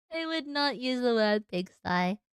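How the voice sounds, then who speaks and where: A young Australian woman chats casually with her stream as she draws, giggling at herself and poking fun at her own expense. Her voice is a little high, bright and smooth, animated yet slow, captured as a dry, studio-quality recording.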